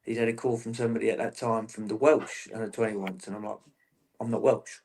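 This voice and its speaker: A former footballer in an interview, telling long stories in a rambling, self-interrupting way. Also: male voice, fairly low pitch, steady tone, brisk, darkish tone, slight background noise. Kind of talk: casual interview chat.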